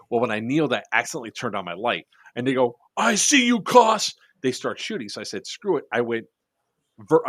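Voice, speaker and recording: A man telling a long story in casual podcast chat, acting out the quotes with lively voices and freely swearing. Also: medium pitch, dry recording. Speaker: airsoft podcast speaker.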